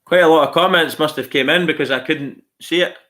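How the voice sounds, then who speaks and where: Male stream host, casual and blunt, swears a lot, addresses viewers as "mate," bright, sharp-edged voice. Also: on the high side, fairly quick. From outside Australia. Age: adult, married. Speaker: channel host answering viewer comments. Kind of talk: casual live-stream chat.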